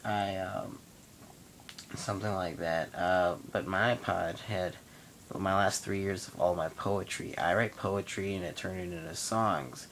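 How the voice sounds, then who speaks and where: A young man in his late teens hosting his own vlog, telling a long personal story in a casual, rambling, matter-of-fact way with pauses. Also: low-pitched, steady tone, fairly bright tone, slight background noise. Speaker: vlog host.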